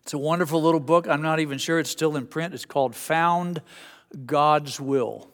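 Male pastor, slightly higher voice, folksy conversational preaching, long church reverb. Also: moderate pace, a bit bright. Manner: conversational, folksy, with frequent restarts. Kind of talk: sermon. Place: church sanctuary.

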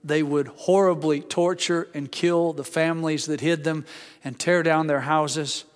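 Man, pastor, sermon, slightly high voice, emphatic swells and quiet drops, long church reverb. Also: fairly even intonation, unhurried. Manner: emphatic, rising to loud exclamations then dropping low. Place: church sanctuary.

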